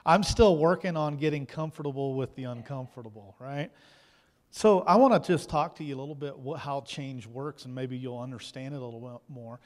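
A man preaching a sermon as pastor, lively, acting out people's doubts in quoted voices. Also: mid-range voice, normal speed, in a large hall. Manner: animated, acts out inner doubts in quoted voices. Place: church sanctuary.

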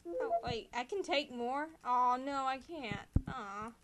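A woman's voice: sits high, expressive, slow pace, background noise. A woman casually commenting on a game and reading its dialogue aloud in a playful way. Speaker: let's play gamer.

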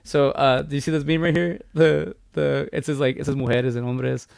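A man's voice: on the high side, little pitch movement, moderate pace, gravelly, darkish tone, smooth, no echo, clean studio sound. A man co-hosting a movie podcast, talking casually in a rambling, profane way with many restarts. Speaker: podcast co-host.

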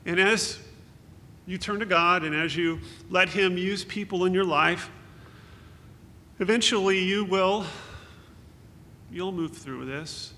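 A man's voice: high voice, takes it slowly, long pauses, sharp tone. A man giving an earnest, consoling memorial sermon as pastor, quoting scripture. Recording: echoey hall with faint hum.

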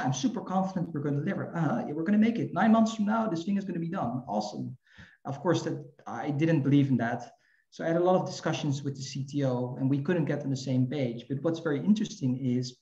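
A middle-aged man from the Netherlands, a native Dutch speaker, answering questions in English fast, with many restarts and repeated words. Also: mid-range voice, dark tone. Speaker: guest speaker. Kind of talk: conversational Q&A answers. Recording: echoey, dull lo-fi call audio.

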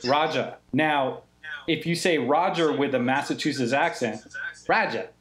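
A man from Lebanon, a guest musician telling stories in casual podcast chat, animated and swearing freely. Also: mid-range voice, moderate pace. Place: barbershop in Brooklyn.

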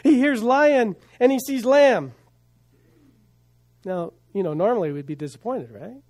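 A male pastor preaching a sermon, building emphasis with rhetorical questions and dropping to quiet asides. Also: extremely high pitch, unhurried.

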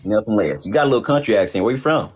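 A man's voice: lowish voice, lively intonation, racing, husky. A man from Oklahoma, a livestream guest, joking in a playful, needling way and repeating his phrases. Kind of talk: comic livestream banter.

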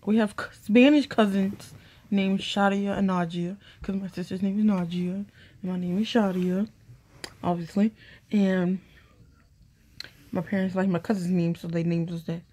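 A woman's voice: mid-range voice, fairly even intonation, moderate pace, warm tone. A young woman vlogging in a playful, rambling casual monologue, with lots of "like" and sing-song bits. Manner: playful, repeats her name in sing-song; heavy use of "like".

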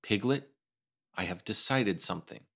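A man reading a storybook aloud and voicing a gentle, slow-witted male teddy bear with a solemn, ponderous manner. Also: mid-range voice, expressive.

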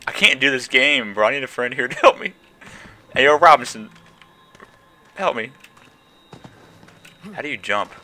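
A man's voice: medium pitch, animated, normal speed, long pauses, bright, forceful tone. Jittery young man swearing through a horror game. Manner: jittery, swearing, jumpy slangy chatter. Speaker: gaming channel host.

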